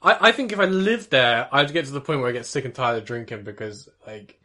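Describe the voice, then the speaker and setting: A man's voice: medium pitch, a little fast, sharp tone. A man chatting casually with friends, telling rambling, sweary stories about drinking abroad and slipping into mocking voices. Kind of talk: casual podcast chat.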